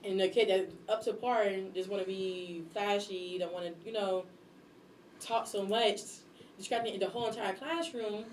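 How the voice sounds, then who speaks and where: A young woman chatting casually on a podcast about her jobs, blunt and animated, sometimes acting out how she scolds people. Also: medium pitch, normal speed, echoey room, distant mic, a little hiss or hum, rough recording. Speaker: guest, substitute teacher and airport worker.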